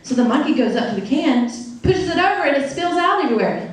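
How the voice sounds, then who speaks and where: Animated woman storyteller in an echoey hall. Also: extremely high pitch, fast, hardly any pauses, distant mic. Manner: animated, playful, acts out quoted characters. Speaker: sign language interpreter voicing a deaf storyteller. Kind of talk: live stage storytelling and audience games. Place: large room before a live audience. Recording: very echoey hall, picked up from afar.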